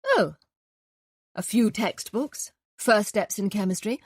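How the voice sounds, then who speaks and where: A woman reading an audiobook, voicing a chatty upper-class gentleman detective with playful drawling asides. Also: medium pitch, lively intonation, takes it slowly, breathy edge, no room sound, studio quality. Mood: musing.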